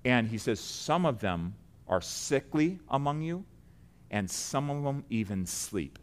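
A middle-aged man preaching a sermon, earnest and building to loud emphatic peaks. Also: mid-range voice, big pitch swings, measured pace, smooth.

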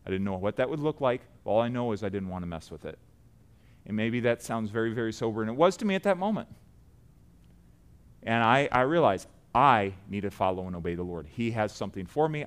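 A middle-aged man preaching a sermon, earnest and building to loud emphatic peaks. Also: fairly low pitch, smooth.

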